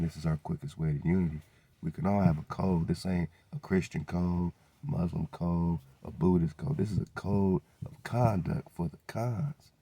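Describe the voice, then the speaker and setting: A man's voice: sits low, creaky, mellow, husky, dry recording. A man hosting his own radio show, talking in a preachy, hyped way, throwing "man" into nearly every line. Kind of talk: casual monologue with promo plugs.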